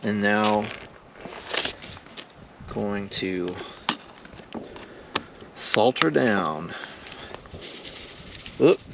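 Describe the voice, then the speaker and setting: A man vlogging casually while camping alone, talking slowly and loosely with lots of fillers. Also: on the low side, lively intonation, creaky, very noisy. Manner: slow, rambling, laid-back talk with many fillers. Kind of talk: casual solo camping vlog. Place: outdoors at a windy campsite.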